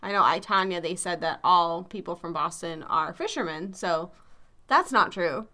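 A woman's voice: on the low side, lively intonation, moderate pace, sharp tone. A young woman with a Massachusetts accent co-hosting a podcast, chatting casually with lots of fillers. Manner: chatty, full of fillers and hedges. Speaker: podcast co-host. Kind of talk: casual chat.

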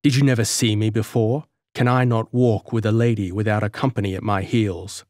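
A man's voice: lowish voice, fairly even intonation, fairly quick, darkish tone, dry recording, studio quality, close to an everyday voice. A man doing an earnest young apprentice. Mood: angry. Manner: earnest, hot-tempered. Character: eager young male blacksmith's apprentice.

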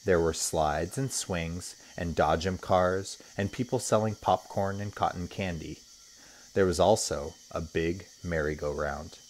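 A man, a teacher, reading a children's story aloud with expressive storytelling. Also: low voice, unhurried, slight background noise.

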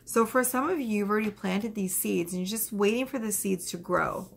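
A woman giving a casual tarot reading, chatty and animated, with lots of fillers. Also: medium pitch, fairly quick, creaky, breathy edge. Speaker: tarot reader.

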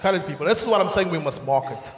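Animated South African comedian in a big hall. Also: male voice, a little high, very fast, a crowd in the background. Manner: animated, shouting punchlines. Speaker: stand-up comedian. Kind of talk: live stand-up comedy. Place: large theatre stage. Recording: echoey theatre hall with audience laughter.

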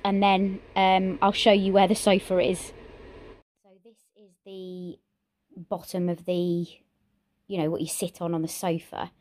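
A woman's voice: mid-range voice, a little hiss or hum. Exasperated chatty woman vlogging in a caravan. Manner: chatty, exasperated, with many fillers. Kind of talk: casual vlog. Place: inside a caravan.

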